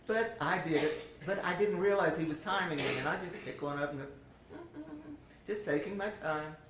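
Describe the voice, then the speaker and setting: A woman's voice: low-pitched, a little fast, noisy background. Older woman telling a homey church testimony. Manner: homey, chatty, laughs often. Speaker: church speaker giving a testimony. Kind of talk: personal testimony storytelling. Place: church sanctuary. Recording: roomy, distant church sound.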